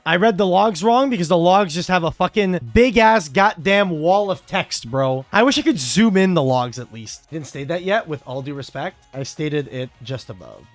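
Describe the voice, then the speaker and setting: A man's voice: a little high, animated, normal speed, few pauses, no room sound. A young man in casual stream commentary, sarcastic and exasperated, swearing freely as he judges calls in an online game.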